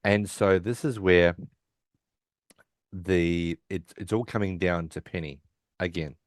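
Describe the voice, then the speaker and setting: A man's voice: deep voice, slow, no room sound, clean studio sound. A man co-hosting a podcast, casually retelling a sitcom episode and acting out the characters' lines. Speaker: podcast co-host.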